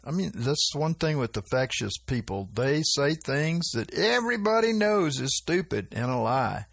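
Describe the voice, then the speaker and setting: A man preaching informally about prophetic dreams, with frequent chuckles and a slow, drawling delivery. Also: a little high, very animated, gravelly, fairly bright tone, dry recording. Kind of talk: informal religious teaching.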